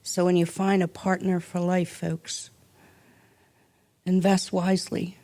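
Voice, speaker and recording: Woman at a church mic, dry close sound, slow hesitant introduction with lots of ums. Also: fairly low pitch, flat delivery, dark tone, no room sound. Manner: halting, emotional, hesitant with many fillers. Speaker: speaker's wife introducing him. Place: church sanctuary.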